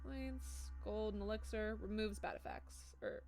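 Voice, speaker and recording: A woman's voice: medium pitch, a little slow, gravelly, darkish tone, faint music behind. A woman live-streaming a game, chatting casually, swearing freely and reading viewers' messages aloud. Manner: swears freely, reads chat aloud and reacts to it. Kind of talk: casual live-stream chat while gaming.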